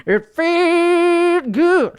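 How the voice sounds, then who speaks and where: A man's voice: very high voice, animated, very slow, no room sound, clean studio sound, voice pushed up, heavily acted. A man playing a pompous, self-important podcast host who rambles grandly. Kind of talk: comedic podcast clip.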